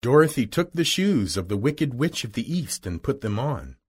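A man's voice: mid-range voice, big pitch swings, normal speed, darkish tone, husky. A man narrating a children's storybook chapter aloud, reading expressively.

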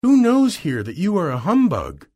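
A man putting on a high-voiced curious young girl. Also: huge pitch swings, moderate pace, warm tone, exaggerated voice. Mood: questioning.

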